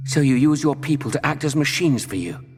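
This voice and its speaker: A man's voice: on the high side, very animated, normal speed, long reverb tail, pitched above the performer's own voice. A man voicing a brave, desperate young woman who speaks urgently and pleadingly, in a raised voice.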